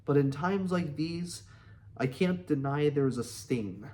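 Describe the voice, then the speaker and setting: A man's voice: on the high side, animated, takes it slowly, warm tone. Earnest man reading a memoir aloud. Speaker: audiobook reader.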